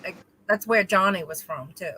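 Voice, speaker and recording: Bright-voiced woman reading chat comments. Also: lowish voice, normal speed, a little hiss or hum, rough recording. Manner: relaxed, reads out chat comments with laughs. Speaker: co-host reading viewer comments. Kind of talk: casual live-stream chat. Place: home.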